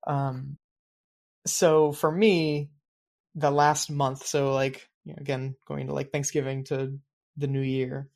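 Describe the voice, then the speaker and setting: A man's voice: mid-range voice, little pitch movement, slow, vocal fry, a little mellow. A man co-hosting a podcast in casual chat, rambling and reflective, with many fillers. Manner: reflective, explains his planning habits at length. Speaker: podcast co-host.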